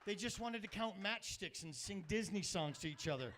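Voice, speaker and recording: High-voiced middle-aged man doing crude stand-up. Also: expressive, moderate pace, fairly bright tone, a little hiss or hum. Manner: crude, rambling, self-mocking, swears a lot. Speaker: stand-up comic and show host. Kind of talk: stand-up comedy set. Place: comedy club stage.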